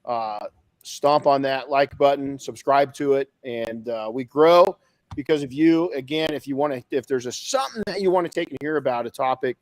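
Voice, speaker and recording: A man's voice: medium pitch, normal speed, no room sound, low-quality recording. A man hosting a podcast in casual chat, enthusiastic and often repeating his words. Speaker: podcast host.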